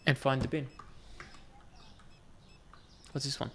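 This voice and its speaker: A man's voice: mid-range voice, steady tone, slow pace, a little hiss or hum. A man giving casual, jokey commentary while playing a game, bantering with the customers on screen. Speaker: gaming video host.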